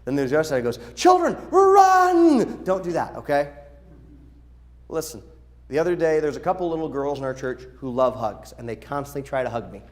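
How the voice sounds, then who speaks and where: A middle-aged man, a pastor, giving practical instructions to his church's children's workers in a lively, animated way, often acting out the voices of the people he quotes. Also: mid-range voice, quick pace. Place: church sanctuary.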